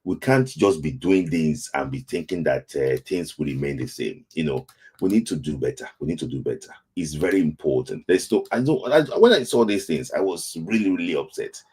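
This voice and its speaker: A man's voice: a bass voice, expressive, moderate pace, darkish tone, husky. A Nigerian man hosting a football talk stream, speaking in a lamenting way and repeating his phrases over and over. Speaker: football talk show host. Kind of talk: casual live-stream commentary.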